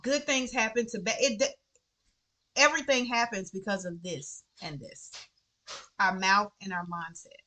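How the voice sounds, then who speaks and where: Bright clear woman chatting to her viewers, earnest and animated, says things twice. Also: medium pitch, unhurried. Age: adult with children. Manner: earnest, animated, repeats phrases for emphasis. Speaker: vlogger sharing favorite books. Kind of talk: casual heartfelt chat to camera.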